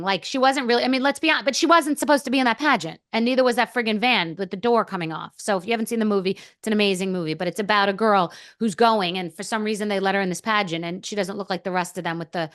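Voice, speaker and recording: A woman's voice: medium pitch, fast talker, fairly bright tone, no echo, studio quality. Blunt, profane woman telling a story. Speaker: podcast guest. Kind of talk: candid storytelling chat.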